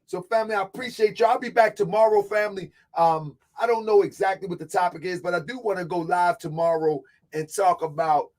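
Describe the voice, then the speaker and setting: A man's voice: sits high, fairly even intonation, brisk, few pauses, darkish tone. A man hosting a casual livestream, talking in loose slang, laughing often and repeating a catchphrase. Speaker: livestream host. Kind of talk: casual live-stream chat.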